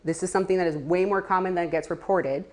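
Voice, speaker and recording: A woman's voice: fairly low pitch, fairly even intonation, quick pace, a little mellow. A woman giving a casual talk to a live audience, chatty, with laughing asides and many fillers. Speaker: community speaker.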